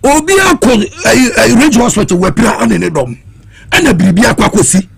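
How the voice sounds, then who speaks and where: A man's voice: high-pitched, lively intonation, moderate pace, creaky, crowd noise. A Ghanaian man giving heated political commentary on a talk show, impassioned and challenging, switching between Twi and English.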